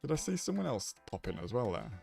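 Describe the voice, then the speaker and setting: A man's voice: medium pitch, sing-song, fast talker, creaky, warm tone. Yorkshire man, casual live streamer, chatty, greets viewers, faint music behind. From Yorkshire, England. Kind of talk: live gameplay commentary and chat.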